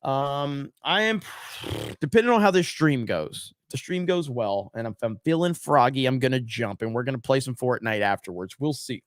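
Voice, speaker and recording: Man, livestream host, casual chat reading, blunt, profane, repetitive, mid pitch, dry sound. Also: animated, moderate pace, no echo. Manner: blunt and profane, repeats himself for emphasis.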